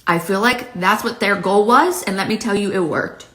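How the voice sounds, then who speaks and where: A lifestyle vlogger from Pittsburgh, her accent carrying a slight Southern touch, tells a comic story to camera in a casual, exasperated way. Her voice is mid-range and a bit bright, at a moderate pace, in a reverberant space.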